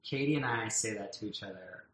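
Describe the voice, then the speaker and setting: A man talking warmly and at length about his young daughter, tender and rambling with many restarts and fillers. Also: fairly low pitch, brisk, reverberant, low-quality recording. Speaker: parent being interviewed. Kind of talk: casual heartfelt conversation. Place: home in a loud neighborhood.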